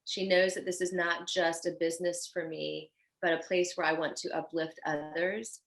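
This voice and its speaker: Woman designer guest, low-pitched, warm-hearted effusive storyteller in casual interview. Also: normal speed, rough recording. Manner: earnest and effusive, animated when telling stories.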